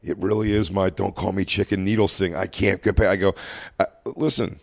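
Low-voiced man telling a stand-up story. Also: fairly quick, creaky. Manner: animated, acts out quoted exchanges, laughs often. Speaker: podcast co-host, comedian. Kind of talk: casual chat, storytelling.

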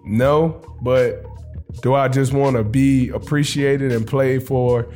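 A man's voice: medium pitch, steady tone, slow pace, a little mellow, soft background music. A man in his late twenties who plays pro football, giving a candid, loose interview answer full of slang fillers. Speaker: football player.

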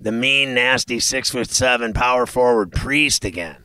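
A man's voice: medium pitch, moderate pace, sharp tone, clear, resonant tone, dry recording. A male interviewer in a casual chat, asking jokey, incredulous questions.

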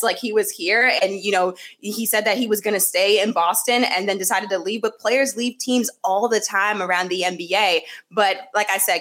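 A woman's voice: medium pitch, a bit bright. A woman sports reporter lays out her take with fluent, emphatic conviction. She leans on fillers as she builds her points, and she talks in a casual analyst's way. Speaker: sports reporter covering a basketball team.

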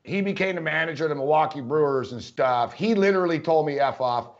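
A man's voice: a little high, fast, dull audio. A man co-hosting a sports podcast, telling rambling anecdotes full of "like" and "you know" in casual chat.

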